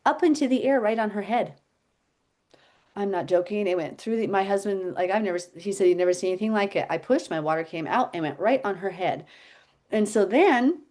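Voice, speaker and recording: A middle-aged woman leading a casual Bible teaching chat, telling stories in an animated, chatty way. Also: medium pitch. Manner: chatty, animated storytelling, laughs often.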